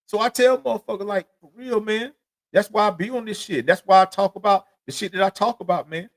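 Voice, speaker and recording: Alone on his own podcast, a man with a high voice talks fairly quickly. He rambles through profane street stories in loose slang and keeps saying "you know what I'm saying."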